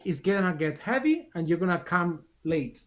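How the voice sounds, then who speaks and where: A man's voice: sits high, lively intonation, moderate pace, fairly bright tone. A male clarinet teacher giving a masterclass over a video call, with short encouraging instructions between demonstrations. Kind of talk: masterclass coaching.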